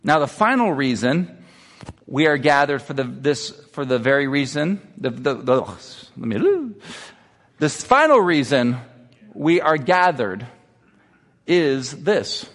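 A man's voice: mid-range voice, very animated, unhurried, fairly bright tone, in a large hall. A man in his thirties, a pastor, preaching an earnest sermon that moves from personal confession to exhortation. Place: church sanctuary.

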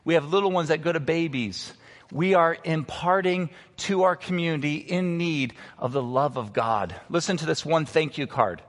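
A man pastor preaching a sermon, emphatic, slowing down to stress key words. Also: fairly high pitch. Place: church sanctuary. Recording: long reverb of a large hall.

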